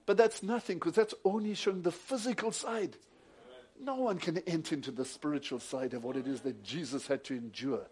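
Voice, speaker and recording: A male preacher, moving between hushed retelling of a story and loud, emphatic preaching. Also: a little high, fairly quick. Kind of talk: sermon with storytelling.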